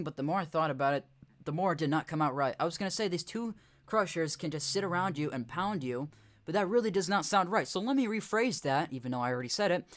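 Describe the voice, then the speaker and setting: A man's voice: a little high, a bit bright. A young man casually commenting on game footage during a live stream, rambling and correcting himself with chuckling asides.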